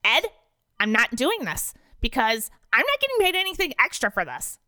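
A woman's voice: a little high, wildly swooping pitch, moderate pace, bright, forceful tone, dry recording, studio quality, full character voice. A woman playing a grumpy, contrary male pizza deliverer who grumbles stubbornly in a comedy sketch. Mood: grumbling.

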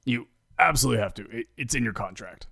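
Pushy boss, played by a man, gravelly, bright, lively, insistent. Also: mid-range voice, quick pace, no room sound, full character voice. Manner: insistent, repeating himself. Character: pushy male boss pointing to a contract.

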